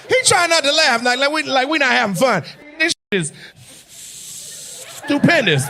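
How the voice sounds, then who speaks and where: Animated high-voiced teasing male comedian. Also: slight background noise. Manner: teasing, loud, often laughing mid-sentence. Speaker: stand-up comedian. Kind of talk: live crowd-work stand-up.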